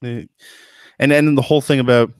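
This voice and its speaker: A man's voice: mid-range voice, steady tone, a little fast, a little mellow, smooth, no room sound, clean studio sound. A man hosting a podcast in casual chat, thoughtful and hedging, with lots of fillers and restarts. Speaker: podcast host.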